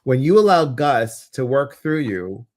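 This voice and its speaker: A man's voice: mid-range voice, very animated, measured pace. A man hosting a livestream as an intuitive coach, chatting casually, greeting viewers and reading their comments. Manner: warm, chatty, addresses viewers directly. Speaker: intuitive coach and stream host.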